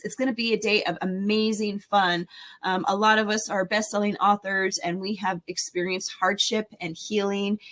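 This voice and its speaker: A woman's voice: mid-range voice, fairly bright tone. A woman in her forties hosting a solo podcast, talking in an enthusiastic, encouraging, rambling way with fillers. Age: 40s. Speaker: podcast host and speaker. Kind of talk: casual solo podcast talk.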